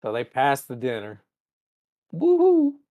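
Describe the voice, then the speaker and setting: Guy doing a loose, cheeky episode recap, mid-pitch voice, swears a lot. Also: fairly even intonation, normal speed, narrow, tinny audio. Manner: irreverent, profane, acts out characters' lines. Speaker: podcast host. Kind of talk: casual comedic episode recap.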